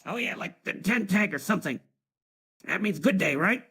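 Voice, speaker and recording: Beavis: un chico de dibujos, chillón y ronco. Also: male voice, lively intonation, moderate pace, bright, forceful tone, full character voice. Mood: hyper. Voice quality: very raspy, shrill. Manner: giggly, blurting, lots of "like". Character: hyper, dim-witted cartoon teenage boy, giggly. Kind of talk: AI-generated cartoon chat stream.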